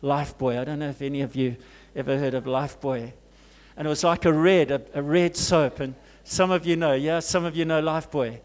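A man preaching a sermon to his congregation as pastor, grew up in Zimbabwe, swinging from loud urgent cries to soft hushed asides. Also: on the high side, steady tone, fairly quick.

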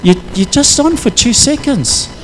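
A man preaching a sermon, impassioned, his voice rising into loud prayerful pleas. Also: very high voice, lively intonation, a little slow, soft background music, rough recording.

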